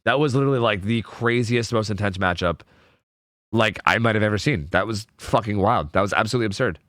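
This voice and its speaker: A man's voice: fairly low pitch, brisk, fairly bright tone, no room sound, studio quality. A man streaming casually, rambling and swearing, and filling his talk with "like". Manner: rambling, heavy use of filler "like", swearing.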